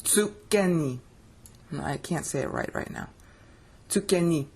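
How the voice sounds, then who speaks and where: A woman's voice: rumbling low, huge pitch swings, quick pace, gravelly, slightly rough. A woman giving a screen-share scripture lesson, explaining step by step with emphasis and often checking that the listener follows. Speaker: Bible teacher.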